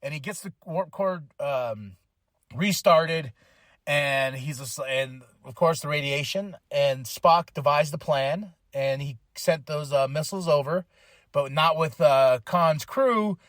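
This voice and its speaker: A podcast host casually recaps a movie plot for a review, rambling in slang and packing in fillers. His voice is on the high side and a bit bright, with a slow pace, recorded dry with studio quality.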